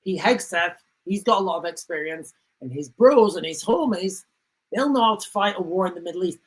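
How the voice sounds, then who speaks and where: A man with a high-pitched, expressive voice talks briskly while hosting a casual commentary livestream, and the audio is poor. He speaks emphatically and repetitively, acting out stories with sound effects.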